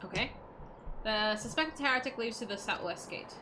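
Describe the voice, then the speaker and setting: A woman's voice: a little high, expressive, normal speed, very noisy. A woman streaming a video game, chatting casually and rambling with lots of fillers. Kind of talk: casual livestream chat while gaming. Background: game music.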